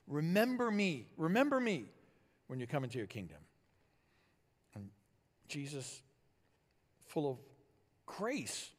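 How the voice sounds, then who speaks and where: A male pastor delivering a sermon, emphatic, swinging between loud stresses and hushed lines. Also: a little high, in a large hall.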